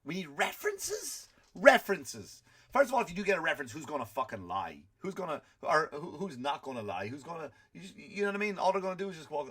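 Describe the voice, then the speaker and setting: A man's voice: a little high, sing-song, quick pace, a bit bright, husky. A middle-aged man hosting a comedy podcast, ranting in an exasperated, profane way and acting out quotes. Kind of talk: comic rant.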